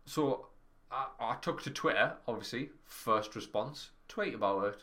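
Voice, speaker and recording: Bright-voiced man, sweary storyteller. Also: mid-range voice, unhurried. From Northern England. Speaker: podcast co-host. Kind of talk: casual storytelling chat.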